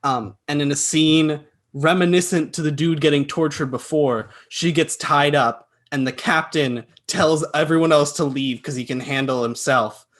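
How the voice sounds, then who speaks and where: A young man co-hosting a podcast, calmly recapping film scenes in a matter-of-fact way. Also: fairly high pitch, normal speed. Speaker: podcast co-host. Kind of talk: casual film review chat.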